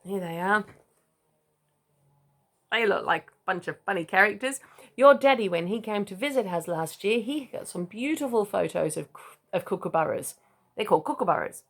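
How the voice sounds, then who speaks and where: Mum reading a storybook to her kid, bouncy voice, chatty. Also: medium pitch. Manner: playful, chatty asides and laughs. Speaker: mother reading to her child. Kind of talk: reading a picture book aloud.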